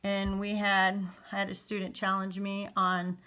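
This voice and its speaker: A woman's voice: medium pitch, completely flat delivery, measured pace, pushed and bright, clear, resonant tone. A middle-aged woman teaching a phonics lesson to parents. She talks in an easy, chatty way, says the key rules again and again, and keeps checking in with her listeners. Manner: chatty, repeats key points, asks "okay?".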